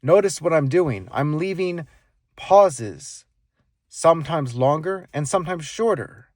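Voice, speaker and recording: A man teaching speaking skills, demonstrating volume, pitch and pauses as he explains them. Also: expressive, a little mellow, no echo, clean studio sound. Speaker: speaking coach. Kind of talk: instructional monologue with live demonstrations.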